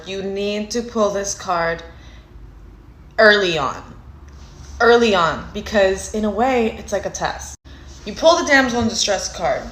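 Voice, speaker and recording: Woman, sassy advice-giver, instructive and confident; echoey room recording. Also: mid-range voice. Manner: sassy, instructive, ends points with "okay?". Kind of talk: casual advice talk to camera.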